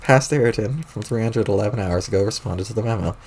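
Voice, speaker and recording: Gravelly man quietly narrating a comic. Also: on the low side, fast talker. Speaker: streamer reading a webcomic. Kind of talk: reading a webcomic aloud on stream.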